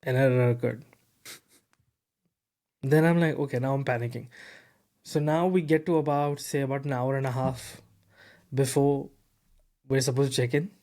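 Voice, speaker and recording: A man hosting a tech podcast, telling a story in a lively, casual way with lots of fillers and repeated words. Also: medium pitch, normal speed, long pauses. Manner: animated, repeats words, heavy fillers like "bro" and "you know". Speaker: podcast host.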